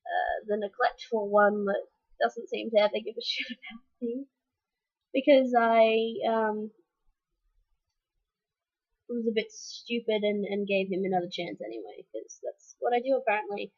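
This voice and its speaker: Young woman, personal vlog update, frank, halting with fillers, mid-pitched voice, slightly dull lo-fi sound. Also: darkish tone. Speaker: vlogger.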